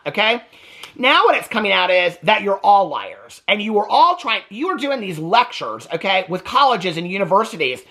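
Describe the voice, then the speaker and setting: A TV recap vlogger rants his way through an episode, his lively voice bouncing and swinging widely in pitch. Bright and blunt, he sounds exasperated while offering casual commentary.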